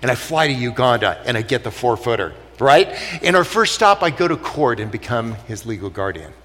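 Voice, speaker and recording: A man telling comic stories on stage, animated and laughing often. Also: medium pitch, a little fast. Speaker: speaker. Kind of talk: comic storytelling talk. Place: stage in a large hall. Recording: long hall reverb.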